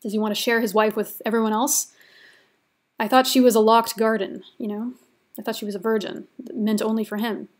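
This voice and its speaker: A woman with a fairly high voice lecturing on ancient poetry for a recorded class. She talks in a loose, conversational way, full of casual fillers, and often rushes ahead in quick bursts. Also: flat delivery. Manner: chatty, informal, many "like" and "kind of" fillers. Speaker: literature lecturer.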